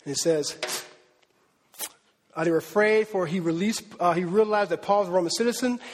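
A man preaching a lively, conversational sermon in slang, acting out the voices of people in the story. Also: sits high, fairly quick, slight background noise. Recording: long hall reverb.

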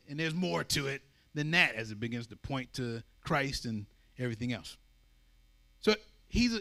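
A man preaching a sermon in a conversational, animated way, acting out voices as he goes. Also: a little high. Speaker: pastor.

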